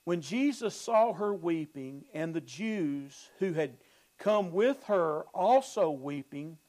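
A man's voice: a little high, lively intonation, slow pace, darkish tone, rough recording. A male pastor preaching a sermon, emphatic, repeating phrases and building emphasis.

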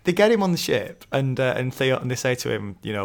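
A man's voice: mid-range voice, brisk, gravelly, hardly any pauses. A man co-hosting a podcast, chatting and laughing often as he recaps. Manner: laughs often, hesitant with fillers. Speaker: podcast co-host. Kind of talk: casual chat recapping a show.

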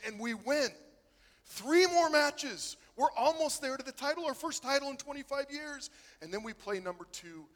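A man preaching a sermon, telling a story that swings from hushed to excited. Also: extremely high pitch, in a large hall. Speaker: pastor.

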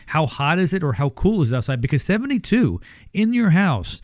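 A man's voice: fairly high pitch, sing-song, fairly quick, a little mellow, no echo, studio quality. A man hosting a radio talk show, chatting with his guest and reading phone-number promos. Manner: conversational, reads call-to-action promos.

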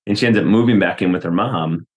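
A man with a deep, low-pitched voice talks through a solo podcast episode. He speaks casually and loosely, with frequent fillers, restarts and asides as he works through his thoughts. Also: fast. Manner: rambling, many fillers and restarts. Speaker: podcast host.

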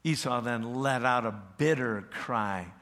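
A male pastor preaching a sermon, retelling a story with animated delivery and humorous asides. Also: mid-range voice, takes it slowly. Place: church.

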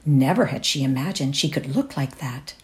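Woman reading a short story in a low voice. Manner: measured, expressive. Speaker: reader.

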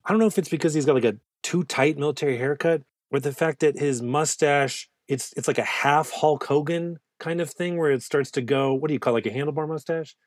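A man's voice: fairly high pitch, a little fast, few pauses, no room sound. Jokey man riffing on a dry-sounding podcast. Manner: animated, jokey, profane riffing. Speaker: podcast co-host. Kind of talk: casual movie-review chat.

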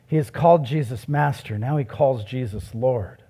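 A man's voice: mid-range voice, a little slow, dark tone, slightly rough. A man who is a pastor, preaching a sermon in a conversational way that builds to emphatic, raised passages.

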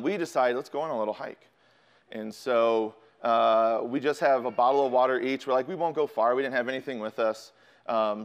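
A man in his thirties from Chicago, a student pastor, telling a casual, self-deprecating story to a congregation with frequent ums. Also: medium pitch. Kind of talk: storytelling sermon.

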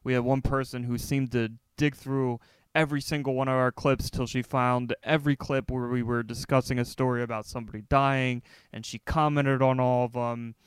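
A man co-hosting a podcast in an easygoing, profane way, with frequent fillers and a laid-back delivery. His voice is smooth and clear. It is recorded dry, with no room sound. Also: medium pitch, flat delivery, moderate pace, no echo. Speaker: podcast co-host. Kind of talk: casual podcast talk and segment intro.

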